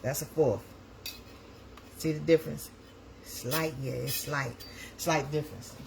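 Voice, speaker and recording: Making breakfast in her kitchen, this livestream host speaks in a deep, creaky voice with fairly even intonation and a slightly slow pace. She has a Georgia Southern accent, repeats herself, and addresses her viewers casually over noisy home audio.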